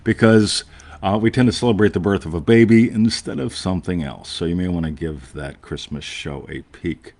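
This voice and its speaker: A man's voice: low voice, normal speed, a little mellow. A man co-hosting a live online show, talking in a jokey, digressive way and often asking "right?". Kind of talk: casual, rambling live-stream chat.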